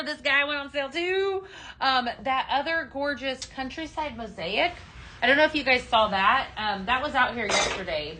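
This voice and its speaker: A woman's voice: fairly high pitch, pushed and bright. A woman hosting a casual live-stream shopping show, chatty and upbeat, with many ums, calling viewers her friends.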